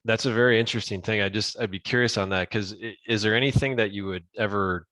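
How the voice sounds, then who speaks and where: Deep-voiced man asking halting questions. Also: fairly even intonation, a bit bright, no room sound. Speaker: co-host. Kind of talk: conversational interview.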